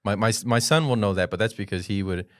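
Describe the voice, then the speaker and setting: A middle-aged man with a lowish voice tells stories in casual podcast talk. He swears freely and throws himself into the quoted lines. The recording is close and dry. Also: quick pace, no echo. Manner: animated storyteller, acts out quotes, swears. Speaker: podcast host.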